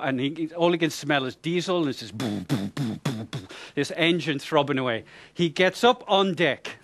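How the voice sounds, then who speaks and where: A man with a fairly high voice, telling a funny anecdote to an audience. He speaks in a chatty, lively way, with stops, restarts and repeated words as he goes.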